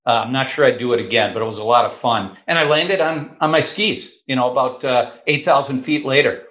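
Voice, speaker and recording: This man in his fifties tells his story in an animated, chatty way, stopping for the odd filler as he goes. The recording is roomy and somewhat dull, as though taken in an open room with a lo-fi mic. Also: mid-range voice, fairly quick. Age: 50s. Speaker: guest. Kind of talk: casual storytelling. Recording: roomy, slightly dull sound.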